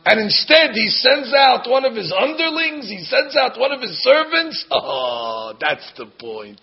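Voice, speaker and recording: A man teaching a Bible lesson to a group of women as a lively storyteller, acting out the characters. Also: very high-pitched, measured pace, vocal fry. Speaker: religious teacher. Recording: dull lo-fi recording.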